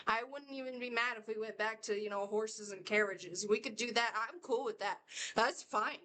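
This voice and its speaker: Bright-voiced chatty woman vlogger. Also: on the high side. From United States. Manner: rambling, animated, laughs often. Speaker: reaction vlogger. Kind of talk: casual reaction chat.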